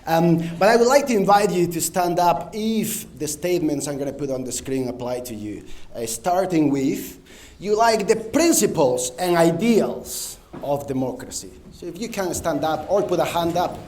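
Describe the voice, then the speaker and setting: A man with a Spanish accent giving a conference keynote, often pausing on ums and uhs and speaking straight to the audience. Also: a little high, animated, darkish tone. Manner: frequent ums and uhs, engages the audience with direct prompts. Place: conference hall stage.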